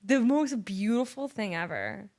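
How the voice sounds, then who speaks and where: Podcast guest, woman, vocal fry, mid pitch, chatty and warm, casual talk. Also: very animated, a little slow. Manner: chatty, warm, uses lots of fillers, laughs easily. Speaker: podcast guest, artist and educator. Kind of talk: casual heartfelt conversation.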